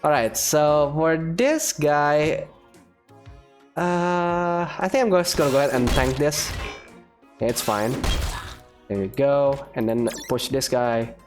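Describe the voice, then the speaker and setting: A man's voice: a little high, slow, long pauses, faint music behind. Casual man explaining a puzzle game. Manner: casual, explains each move step by step. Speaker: game channel host. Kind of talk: gameplay commentary.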